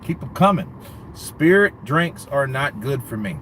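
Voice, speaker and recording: A man's voice: mid-range voice, big pitch swings, a little slow, background noise. A man hosting a casual boxing livestream, joking crudely, reading viewer messages and acting out skits in other voices. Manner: crude, joking, reads super chats, acts out skits. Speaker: boxing commentary host.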